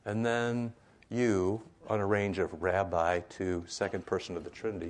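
A man's voice: deep voice, normal speed. A man teaching a Bible study in a conversational way, with frequent rhetorical asides.

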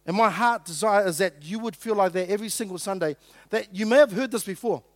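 High-voiced New pastor preaching casually. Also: male voice, fast talker, no room sound, studio quality. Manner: conversational, joking with the congregation, acting out quotes. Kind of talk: sermon.

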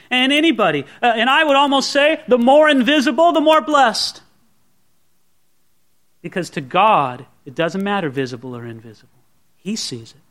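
High-voiced, animated male preacher. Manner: animated storytelling, addresses the listener directly. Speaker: pastor. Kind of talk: sermon.

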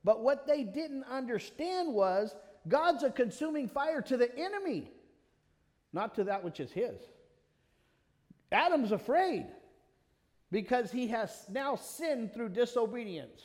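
A man preaching a sermon, animated, calling on members of the congregation by name and quoting scripture. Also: extremely high pitch, moderate pace. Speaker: pastor. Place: church. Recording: long reverb of a church hall.

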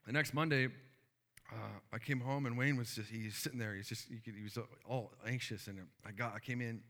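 A man's voice: medium pitch, steady tone, brisk, sharp tone, big-room sound. A man, a pastor, preaching a sermon and telling a story earnestly, with many fillers.

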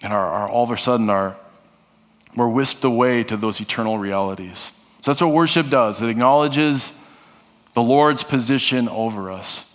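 A man's voice: mid-range voice, normal speed, a bit bright. A male pastor preaching a sermon in an earnest way, often restarting and repeating phrases. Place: church sanctuary. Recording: long reverb of a large hall.

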